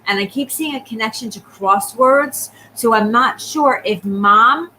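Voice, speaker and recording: A woman giving a live psychic reading, talking quickly and checking in often with the person she reads for. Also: a little high, pushed and bright, slight background noise, rough recording. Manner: rapid, repeatedly checking in with the sitter. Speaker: psychic medium.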